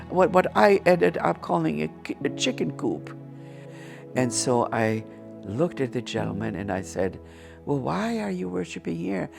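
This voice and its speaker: A woman recounts her testimony as an interview guest, with a gravelly edge in her mid-pitched voice. She tells it vividly and acts out the people she quotes. Soft music sits faintly behind her. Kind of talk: storytelling testimony.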